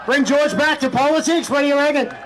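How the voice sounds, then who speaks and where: A man's voice: very high voice, brisk, low-quality recording. A man with an Australian accent emceeing an outdoor rally, hyped and punchy, calling out questions to the crowd. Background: faint crowd and ambience.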